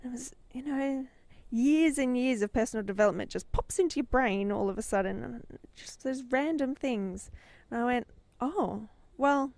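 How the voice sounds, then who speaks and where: A middle-aged woman, a podcast host and business mentor, recounts a personal story with mounting intensity, her voice swelling at the peak moments in a dramatic retelling. Her voice is a little high and darkish in tone, moving at normal speed with few pauses. The recording is dry.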